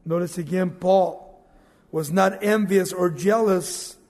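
A man's voice: sits high, slow pace, a little mellow, long reverb tail. A male pastor preaching a sermon, telling stories with animation and asking the congregation questions.

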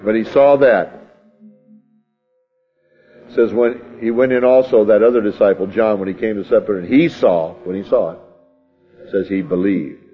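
Speaking in a lowish, breathy voice at a moderate pace with frequent pauses, a man delivers a folksy teaching sermon. He reads scripture, acts out the scene in his own words, and chuckles along the way, while the highs are cut off and faint music plays behind him.

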